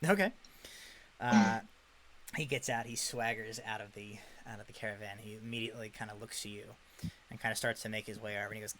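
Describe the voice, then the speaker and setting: A man running a tabletop game, describing the scene with a bright, forceful voice. He rambles and fills his speech with "like" and "uh" as he goes. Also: on the low side, fairly even intonation, fairly quick. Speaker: game master.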